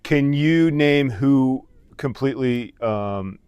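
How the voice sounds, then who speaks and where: A man's voice: mid-range voice, takes it slowly, a little mellow, smooth, no room sound, highs cut off. Laid-back man, dry close sound. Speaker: podcast co-host. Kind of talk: casual chat.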